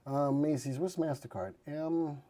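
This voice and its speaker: Male market host, slightly high and mellow voice, casual live chart commentary. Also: fairly even intonation, a little slow. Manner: chatty, reads out viewer stock picks.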